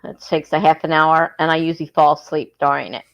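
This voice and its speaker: Hosting a casual livestream of writing sprints, an East Coast American woman speaks a little fast in a low voice with vocal fry and fairly even intonation. She rambles and corrects herself as she gets sleepy, and the recording sounds muffled.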